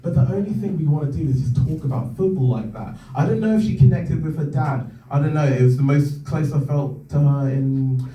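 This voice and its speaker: A young man works through a stand-up set on a club stage, telling his stories with animated, sometimes shouting energy. His voice is mellow and dark in tone. The sound is roomy and a little distant from the mic, with the audience laughing along. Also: fairly high pitch, a little fast, hardly any pauses. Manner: animated storytelling, rising to shouts in excitement. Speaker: stand-up comedian. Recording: echoey room, heard from a distance.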